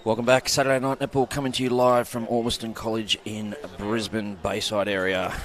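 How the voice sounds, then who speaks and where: A man's voice: on the low side, flat delivery. A man calling a live netball game as play-by-play commentator, chatty and jokey. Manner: chatty, jokey, quick to laugh. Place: outdoor netball court. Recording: noisy court ambience behind.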